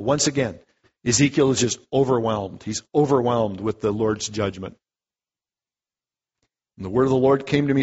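A man preaching a sermon in a conversational, animated way, often restarting his words. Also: mid-range voice, moderate pace, long pauses, breathy edge. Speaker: pastor. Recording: muffled echoey hall.

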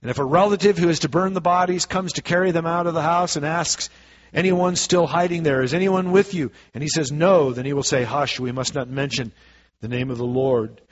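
A man's voice: on the high side, steady tone, fairly quick, highs cut off. A man preaching a sermon, reading scripture aloud and then explaining it in casual everyday words. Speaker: pastor.

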